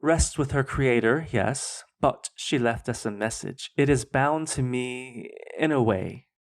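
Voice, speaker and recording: A man's voice: medium pitch, unhurried, no room sound, close to an everyday voice. A man voicing a formal, polite foreign woman, as he reads a story aloud. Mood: solemn.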